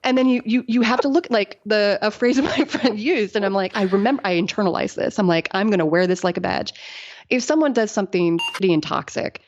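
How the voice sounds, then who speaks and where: A woman's voice: mid-range voice, fairly quick. A middle-aged woman engineer, a podcast guest, telling stories in casual talk, laughing often and acting out the people she quotes. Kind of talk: casual interview storytelling. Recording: dull lo-fi podcast audio.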